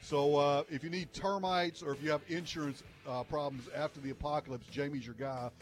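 A man's voice: on the high side, steady tone, brisk, soft background music. A man hosting a sports radio show, teasing his co-host and laughing often. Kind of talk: casual radio banter.

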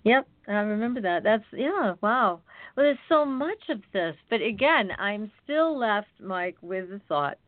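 A woman hosts an interview and reacts to her guest with quick, enthusiastic remarks. Her voice is tinny like a phone line and dry with no room sound. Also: medium pitch, big pitch swings, no room sound. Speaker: host. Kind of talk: interview chat.

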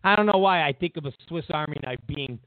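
On his political commentary show, the host talks fast in a voice on the high side, emphatic and animated, tossing in mocking asides throughout his monologue. The audio is tinny and phone-like, dry, with no room sound.

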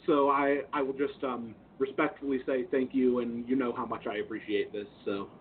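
A man's voice: little pitch movement, moderate pace, recorded from a distance. A man calling in as a guest, upbeat and chatty, sometimes breaking into a few sung words. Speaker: guest caller. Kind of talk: casual call-in chat. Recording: phone line with faint rumble.

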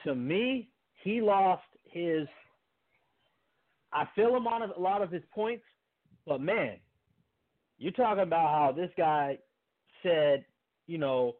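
A man co-hosting a casual sports podcast, rambling with many fillers and getting animated. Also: high-pitched, measured pace, pauses often. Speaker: podcast co-host. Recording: phone-like podcast audio.

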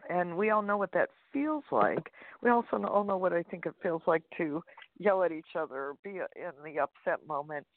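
A woman's voice: lowish voice, moderate pace. A woman guest author talking in an upbeat, chatty way, with many fillers and restarts. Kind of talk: interview over a phone line. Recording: dry, tinny phone line.

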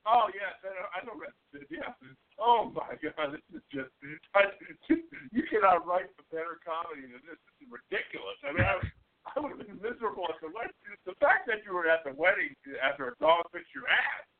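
A man with a high, very lively voice chats casually as a host, often breaking into laughter and exclamations. The sound is thin and phone-like, with a dry, close feel. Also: a little fast, vocal fry. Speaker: podcast host. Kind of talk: casual chat.

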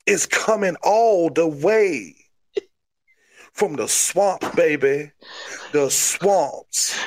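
A man's voice: on the high side, animated, extremely slow, pitched above the performer's own voice, heavily acted. A man putting on a brash, swamp-bred Cajun wrestler, boasting in a drawling promo voice. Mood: boastful.

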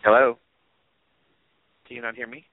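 A man's voice: mid-range voice, flat delivery, normal speed, no room sound. A man co-hosting a podcast, chatting casually with laid-back, dry replies. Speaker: podcast co-host. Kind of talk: casual chat. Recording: phone-like call audio.

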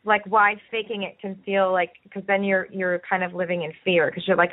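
A woman's voice: medium pitch, level tone, normal speed. A woman podcast host talking at length in an earnest, encouraging way. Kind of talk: conversational podcast discussion. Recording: tinny phone-line audio.

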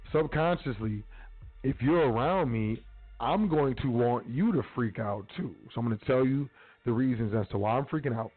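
Male host, mid pitch, blunt slangy monologue, tinny phone-like line, soft music under it. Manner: street slang, blunt, profane. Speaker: podcast host. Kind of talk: casual monologue.

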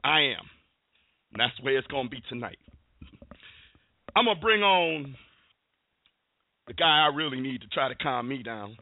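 A man's voice: mid-range voice, lively intonation, normal speed, long pauses, no room sound. A man from Connecticut hosting a call-in sports talk show, ranting in a fired-up, emphatic way and repeating his phrases. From Bristol, Connecticut, USA. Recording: tinny phone-line sound, dry.

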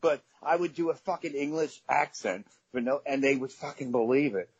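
Husky man telling profane stories. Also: mid-range voice, normal speed, dry recording. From Staten Island, New York. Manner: profane, rambling anecdotes. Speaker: guest comedian. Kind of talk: casual podcast storytelling. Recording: dull lo-fi sound.

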